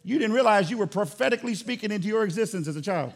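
High gravelly preaching man. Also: animated, very fast. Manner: fervent preaching that swings from loud to hushed. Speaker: pastor. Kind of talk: sermon.

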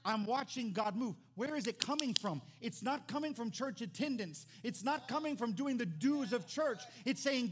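A man in his thirties preaching a sermon as pastor, animated, his voice climbing to near-shouts. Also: very high voice, moderate pace, hardly any pauses.

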